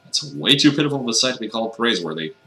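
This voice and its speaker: A man's voice: mid-range voice, animated, racing, fairly bright tone, faint music behind. A man reading a visual novel aloud and cracking sarcastic jokes between the lines. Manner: wry, mocking, jokey. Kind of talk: comedic reading with sarcastic asides.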